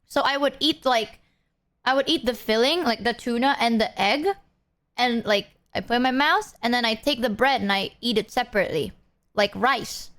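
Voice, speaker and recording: A woman's voice: a little high, moderate pace, a bit bright. A young woman streamer chatting casually with her viewers, swearing freely and sometimes talking while she eats. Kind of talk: casual live-stream chat.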